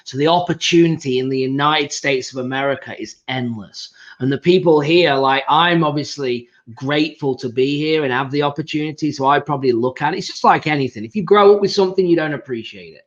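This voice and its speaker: A man's voice: on the high side, a little fast, hardly any pauses, lo-fi sound. A man with an English accent hosting a casual interview, rambling with lots of fillers and laughing easily. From England. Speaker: podcast host.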